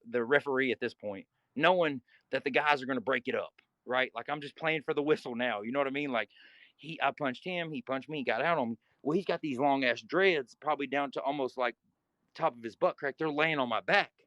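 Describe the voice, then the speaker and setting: A man's voice: fairly high pitch, fairly bright tone, dry recording. A man with a slightly raised voice tells a gritty story in a loose, profane way and acts out the scenes. His voice sounds very dry and close, with no room behind it. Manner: vivid, profane, re-enacts scenes. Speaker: guest. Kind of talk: casual storytelling.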